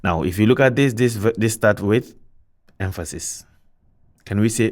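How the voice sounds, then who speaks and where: Low-voiced man patiently teaching recitation. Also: expressive, moderate pace. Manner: patient, repeats points, asks and answers his own questions. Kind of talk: explaining recitation rules, reciting verses.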